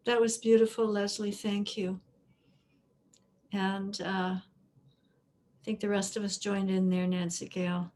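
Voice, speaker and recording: A woman's voice: medium pitch, flat delivery, a little slow, pauses often, darkish tone. A woman chatting in an online study group, telling a story with easy laughter over a video call. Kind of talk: casual sharing in an online group.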